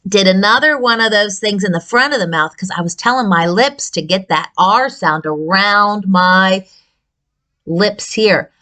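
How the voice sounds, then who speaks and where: A woman's voice: medium pitch, unhurried, sharp tone. A woman speech therapist giving a children's lesson on speech sounds with puppets, encouraging and exaggerated in her delivery. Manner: encouraging, sing-song and exaggerated. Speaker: speech-language pathologist.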